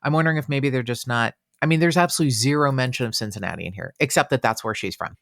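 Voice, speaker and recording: A man hosting a casual true-crime podcast, chatty and animated, with fillers and exclamations. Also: medium pitch, very fast, gravelly, no room sound, studio quality. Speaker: podcast host.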